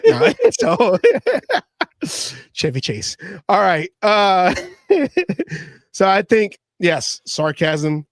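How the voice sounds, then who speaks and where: A man's voice: high-pitched, huge pitch swings, extremely slow, pauses often, dry recording, clean studio sound. A man co-hosting a casual sports talk show, joking and riffing into sarcastic bits. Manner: joking, riffs into sarcastic impressions. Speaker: podcast co-host.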